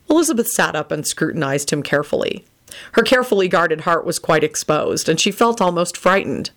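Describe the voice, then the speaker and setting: A woman reading a romance story aloud in an expressive storytelling manner. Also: fairly low pitch, a little fast. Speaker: reader.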